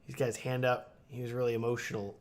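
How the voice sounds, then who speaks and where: Hosting a live video Q&A, a man chats casually and enthusiastically, rambling with plenty of fillers and restarts. His voice is medium-pitched and level in tone, and he speaks fast.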